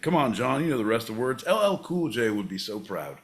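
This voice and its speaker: A man's voice: mid-range voice, big pitch swings, brisk, hardly any pauses. A man hosting a podcast, announcing and joking in a profane, showman style. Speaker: podcast host. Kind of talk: rowdy comedic podcast banter.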